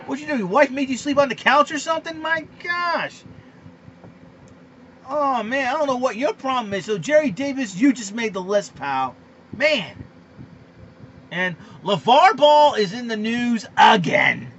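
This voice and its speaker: A man rants about sports news as a podcast host, getting indignant and stacking up fillers and repeats. His voice sits high and leaps around a lot. The recording is dull and lo-fi with a faint hiss underneath. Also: normal speed. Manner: excitable, indignant, repeats himself with many fillers. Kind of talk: ranting sports commentary monologue.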